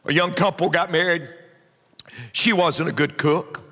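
High, bright-voiced preacher. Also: male voice, steady tone, unhurried. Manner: preaching with rising emphatic repetition. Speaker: pastor. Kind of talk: sermon. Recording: long hall reverb.

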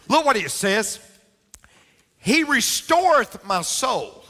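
An older man, a pastor, preaching a dramatic sermon that swings between hushed and booming. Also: sing-song, takes it slowly, pauses often, long reverb tail.

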